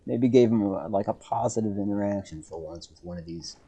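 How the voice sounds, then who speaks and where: A man's voice: fairly low pitch, brisk, warm tone, slight background noise. A man streaming a game, telling a rambling story with dry humor and frequent self-corrections. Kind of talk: casual storytelling while streaming.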